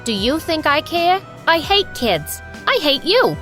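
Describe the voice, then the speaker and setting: A cold, spiteful mother snaps at her child in a raised, harsh voice, as a woman voices her for an animated story. Soft music sits behind her. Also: high-pitched, measured pace, pitched above the performer's own voice, heavily acted.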